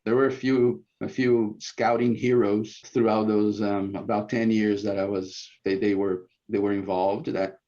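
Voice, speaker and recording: A man with a fairly low voice tells church ward stories in a loose, conversational way. He acts out the people he quotes, and his voice jumps up and gets loud when he does. The recording sounds muffled and lo-fi. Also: a little slow, hardly any pauses. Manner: animated storyteller, acts out quotes loudly. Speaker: former bishop sharing ward memories. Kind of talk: informal reminiscing talk.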